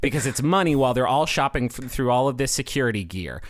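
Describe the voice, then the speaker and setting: A man co-hosting a podcast, retelling a movie scene in an excited, laughing, casual way. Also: mid-range voice, quick pace, no echo, studio quality. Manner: excited storytelling, laughing, swearing. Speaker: podcast co-host.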